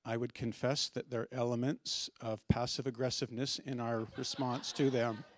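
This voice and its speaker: A middle-aged man preaching a sermon as pastor, telling stories in a conversational way with gentle humor. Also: medium pitch, little pitch movement, moderate pace, slight background noise.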